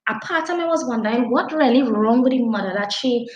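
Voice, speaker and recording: A woman with a Trinidadian accent, chatting casually about a book as a podcast co-host, telling it with animated dialect. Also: a little high, a little fast, roomy sound, highs cut off. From Trinidad and Tobago. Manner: animated, dialect-heavy storytelling. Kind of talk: casual book review chat.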